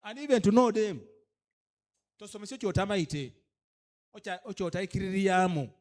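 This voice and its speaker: A Ugandan-accented man delivers a training lecture in a voice pitched a little high. He is emphatic and keeps pressing his listeners with one rhetorical question after another. He moves easily between English and a local language. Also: expressive, brisk, a little mellow. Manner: emphatic, fires repeated rhetorical questions at the audience. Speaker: speaker at a cultural leaders' orientation.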